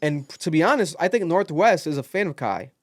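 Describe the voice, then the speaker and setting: Young male podcast host, slightly high voice, dry close mic, animated storyteller. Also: brisk, no room sound. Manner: animated storytelling, acts out quotes. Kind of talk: casual podcast chat.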